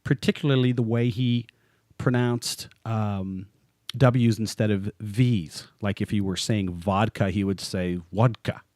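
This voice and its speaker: A man's voice: fairly low pitch, a little slow, darkish tone, no echo, clean studio sound. Chatty, laughing male podcast co-host. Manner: chatty and joking, laughs often mid-sentence. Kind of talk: casual podcast chat.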